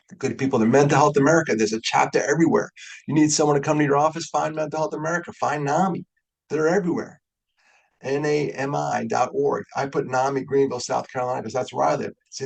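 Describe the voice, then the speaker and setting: Gravelly-voiced middle-aged man speaker. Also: mid-range voice, rough recording. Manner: conversational and joking, openly emotional. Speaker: guest speaker. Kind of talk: webinar talk.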